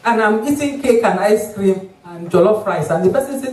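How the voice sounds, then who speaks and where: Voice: mid-range voice, moderate pace. Nigerian doctor's talk from far off in a roomy hall. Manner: lively, mimics patients and doctors. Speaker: doctor, obstetrician. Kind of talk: community health talk.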